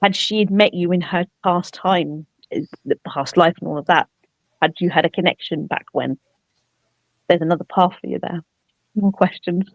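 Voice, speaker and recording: A woman's voice: on the low side, normal speed, dry recording. An English woman speaking as a medium and guest in a casual chat, patiently explaining her ideas in an earnest way. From England. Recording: dull lo-fi line, dry.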